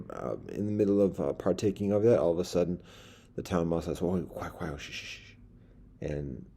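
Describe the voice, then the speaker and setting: A man's voice: deep voice, creaky, mellow, slight background noise. A man telling a rambling story in a dim candlelit room, wordy and full of fillers and restarts.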